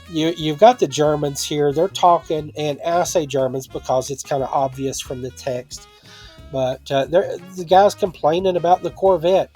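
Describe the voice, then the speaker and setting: A man's voice: medium pitch, a little mellow. A man casually talking through items he has sold, rambling conversationally with personal asides. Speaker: online seller and vlogger. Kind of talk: casual vlog talk.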